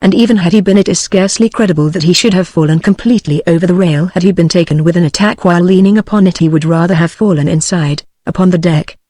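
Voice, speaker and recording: A woman's voice: lowish voice, fast talker, few pauses, warm tone, dry recording, studio quality, lightly acted. A text-to-speech woman's voice with a British accent voicing a concerned male ship's captain, in her usual voice. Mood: grave. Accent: British English. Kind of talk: synthetic text-to-speech book reading.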